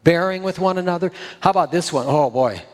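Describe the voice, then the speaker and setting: A middle-aged man preaches to his congregation in a folksy, joking manner, his voice sitting a little high for a man. The sound carries a long reverb, as if from a large sanctuary. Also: brisk. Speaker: pastor. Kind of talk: sermon.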